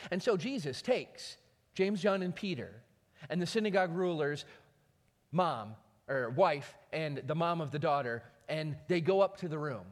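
A male pastor preaching with a high, lively voice that swings widely in pitch. He tells the story dramatically, and his voice rings with the long reverb of a large hall. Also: measured pace. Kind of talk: sermon.

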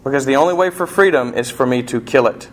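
A man's voice: mid-range voice, fast talker, lightly acted. A man voicing a patient male angel who speaks plainly and evenly, within a sermon story. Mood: calm.

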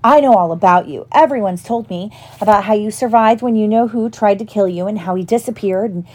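A woman's voice: mid-range voice, fairly quick, darkish tone, close to an everyday voice. A woman voicing a small, eager young schoolboy who talks breathlessly and stammers with hope. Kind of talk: audiobook character voice.

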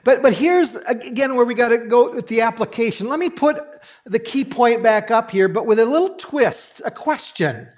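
A man preaching a sermon, earnest and expressive, swinging from hushed, quiet passages to emphatic ones. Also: very high voice, normal speed, highs cut off. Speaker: pastor.

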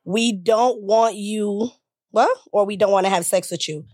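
A woman co-hosts a casual podcast and reads through a list frankly, with a playful edge. Her pitch is in the middle range, and the sound is dry and close. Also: a little slow, a little mellow, dry recording. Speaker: podcast co-host.

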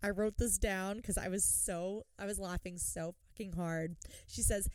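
A woman co-hosting a podcast, chatting casually and swearing freely as she recaps a TV episode with animated retellings. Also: mid-range voice, normal speed, few pauses, clean tone, dry recording. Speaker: podcast co-host. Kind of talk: casual chat recapping a TV show.

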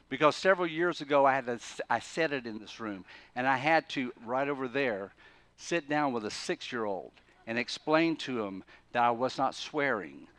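A man preaching a sermon, telling the story with animated swings between quiet asides and loud, emphatic bursts, often restarting words mid-thought. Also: mid-range voice, dry recording. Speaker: pastor.

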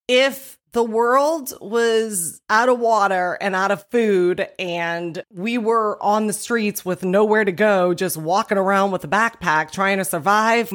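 A woman telling a funny personal story in an emphatic style, often laughing. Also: mid-range voice. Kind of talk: comic storytelling monologue.

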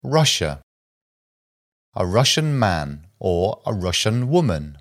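A man reading a vocabulary list aloud as a language teacher, with slow, deliberate enunciation of single words and short sentences. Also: on the low side, sing-song.

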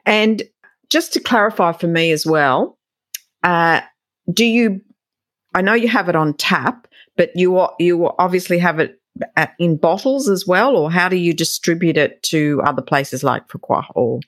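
A woman's voice: fairly low pitch, measured pace, no echo, clean studio sound. A woman interviewer asking long, rambling conversational questions.

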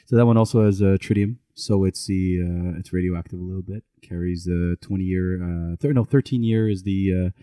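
Deep, mellow-voiced man rambling casually. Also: fairly quick, few pauses, dry recording, studio quality. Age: middle-aged. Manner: rambling, self-correcting storyteller. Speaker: podcast co-host. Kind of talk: casual chat.

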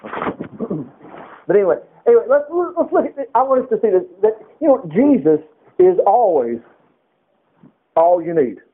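A man's voice: high voice, big pitch swings, moderate pace, long pauses. A man preaching informally, reading Bible verses aloud and breaking off into conversational asides. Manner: conversational, reads scripture aloud, frequent asides. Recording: tinny phone-like radio broadcast.

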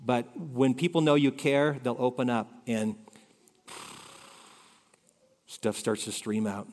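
A male pastor preaching a conversational sermon, shifting between loud emphasis and soft asides. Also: medium pitch, fairly even intonation, moderate pace. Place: church sanctuary. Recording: reverberant hall.

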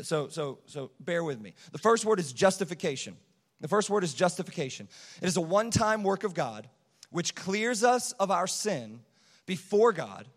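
Guy preaching to teens, high voice, acts out the stories, lots of reverb from a big hall. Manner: animated storytelling, acts out quotes, repeats phrases. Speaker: youth pastor. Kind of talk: sermon.

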